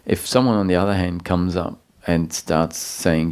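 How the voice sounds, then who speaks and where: A man giving a satsang talk as a spiritual teacher, explaining calmly with pauses and restarts. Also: low voice, clear, resonant tone.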